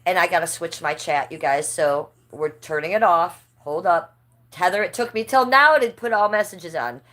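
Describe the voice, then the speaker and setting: A woman's voice: fairly low pitch, moderate pace, fairly bright tone. A middle-aged woman hosting a casual livestream, chatting and gossiping with her viewers and laughing often. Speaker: livestream host.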